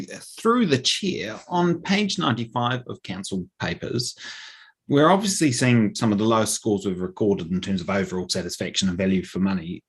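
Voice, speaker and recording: Husky New Zealand councillor, low voice. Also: male voice. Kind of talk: asking questions in a meeting.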